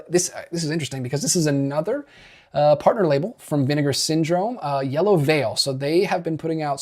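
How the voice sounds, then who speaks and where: A man's voice: on the high side, darkish tone. A man hosting a casual livestream, chatting in an upbeat, rambling way with lots of fillers and self-corrections as he reads viewer comments. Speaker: physical media YouTube host.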